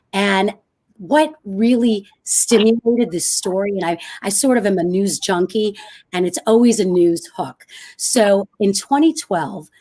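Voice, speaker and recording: A woman in her fifties with a low, smoky voice, speaking as an author guest on a video call, telling her story fluently and with energy. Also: a little mellow. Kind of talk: conversational interview.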